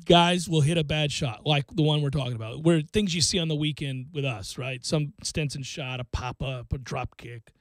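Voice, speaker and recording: A man hosting a sports talk radio show, chatting casually and telling stories with animated jumps in his voice. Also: fairly high pitch, normal speed, hardly any pauses, no echo. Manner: animated storyteller, voice jumps up when excited.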